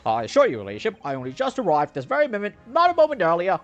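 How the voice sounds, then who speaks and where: A game player voicing a flustered, fawning police inspector who talks in a high, excitable squawk and gushes over-polite farewells. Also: racing, highs cut off, faint music behind.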